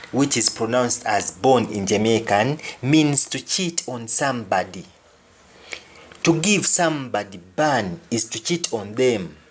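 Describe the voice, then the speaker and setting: A male teacher walks through a language lesson at a slow, measured pace. His voice sits at an ordinary middle pitch. He repeats each example phrase twice before he explains it.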